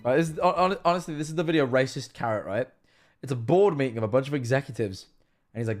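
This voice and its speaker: A man's voice: mid-range voice, quick pace. Rambling young English man, joking. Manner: rambling, joking storyteller with many restarts. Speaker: streamer. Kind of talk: casual chat.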